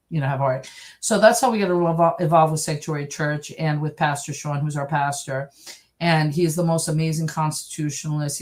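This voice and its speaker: A middle-aged woman from New York telling her story in an interview, animating it with the voices of the people in it. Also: deep voice. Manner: animated, acts out others' voices in her stories. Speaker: interview guest.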